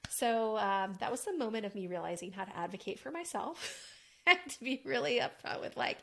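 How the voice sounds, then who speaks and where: A woman's voice: fairly high pitch, normal speed, vocal fry. A woman around forty telling a personal story in a casual, chatty way, full of "like" fillers. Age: about 40. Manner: chatty, animated, many "like" fillers. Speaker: wellness coach and podcast host.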